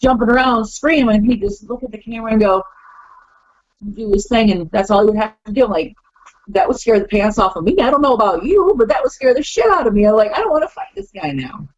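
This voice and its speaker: A woman on a podcast call, chatting casually, animated, acting out quoted lines and laughing often. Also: on the high side, fairly quick, no room sound, muffled recording. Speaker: guest wrestler.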